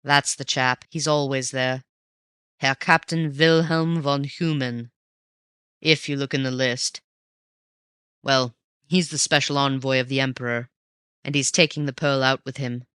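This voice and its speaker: A reader voicing a cool, mocking gentleman thief who talks low and forcefully, in an audiobook reading. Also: fairly even intonation, a little slow, pauses often, clean tone, dry recording, clean studio sound. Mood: wry. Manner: snarling and teasing by turns.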